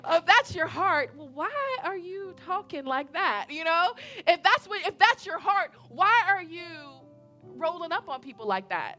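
Bright high-voiced woman preaching. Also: measured pace, soft background music. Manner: animated, conversational, repeats points, asks audience questions. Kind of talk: sermon.

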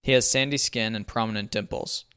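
Young male narrator for a first-person story; wry, even delivery, low pitch. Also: brisk, clean tone.

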